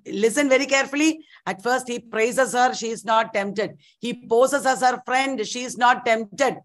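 Animated woman lecturer retelling an epic. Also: fairly high pitch. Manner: animated storytelling, repeats key points. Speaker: literature lecturer. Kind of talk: online class lecture.

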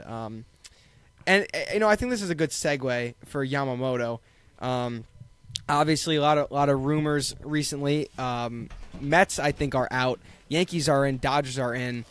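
A man's voice: fairly high pitch, clean tone, dry recording. A tired man chatting casually as a podcast co-host, rambling with lots of fillers and restarts. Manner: rambling, self-deprecating, many fillers. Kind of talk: casual chat.

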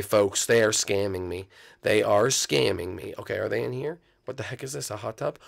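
A man giving excitable, teasing commentary over a block-building game as a video host. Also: on the low side, normal speed, creaky. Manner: hyped, teasing, keeps tacking on "baby". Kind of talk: excitable let's-play commentary.

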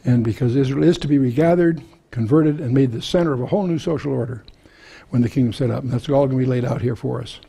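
A man leads a Bible study, reading each passage aloud before explaining it in his own words, often restarting his sentences. His voice is gravelly and a little husky. It sits mellow and dark. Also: mid-range voice, fast. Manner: reads scripture aloud then explains it, with frequent restarts. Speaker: Bible teacher.

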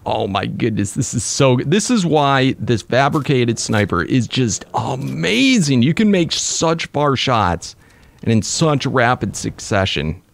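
A young man commentating his own gameplay, excitable and quick to break into frustrated outbursts. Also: mid-range voice, vocal fry, dry recording. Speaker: let's play gamer.

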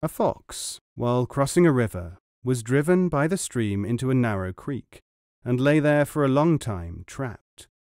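Male audiobook narrator, mid pitch, measured delivery, dry close recording. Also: animated, darkish tone, no echo. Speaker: audiobook reader. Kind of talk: scripted narration.

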